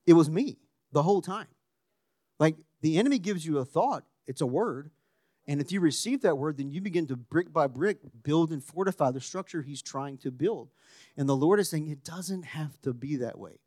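A man preaching a sermon, animated and conversational, dropping to a hushed voice when acting out quotes. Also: a little high, normal speed, no echo, clean studio sound. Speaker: pastor.

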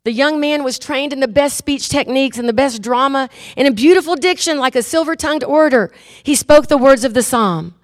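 Woman preacher giving a sermon, laughs a lot then gets earnest, kinda high voice. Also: brisk, no room sound, studio quality. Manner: lively and laughing, with earnest quieter storytelling. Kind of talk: sermon with closing prayer.

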